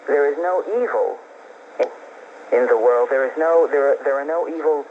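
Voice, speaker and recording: A man talking earnestly and deliberately as a guest on a talk radio show. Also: mid-range voice, a little hiss or hum. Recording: dull lo-fi radio tape.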